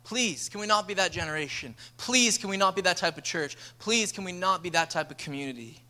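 A young man, preaching a lively sermon as a pastor and acting out stories. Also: high voice, fairly quick. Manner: energetic storytelling preacher, acts out dialogue.

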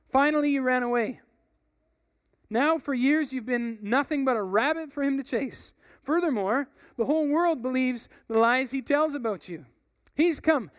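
A man playing a furious male soldier who shouts his frustration at his leader, read dramatically from a book. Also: very high-pitched, no room sound, clean studio sound, long reverb tail, pitched above the performer's own voice. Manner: loud, shouting, pleading. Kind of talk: dramatic reading of a book passage.

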